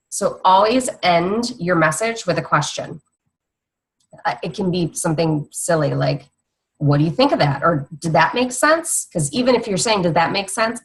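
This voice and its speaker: Gravelly, husky, chatty, rambling, teasing, young woman, casual coaching talk. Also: on the low side, a bit bright, low-quality recording. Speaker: fitness coach.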